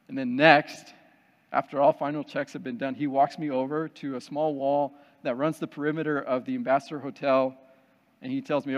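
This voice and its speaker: A man telling a personal story to an audience in a conversational, self-deprecating and lively way. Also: medium pitch, normal speed, in a large hall, lo-fi sound.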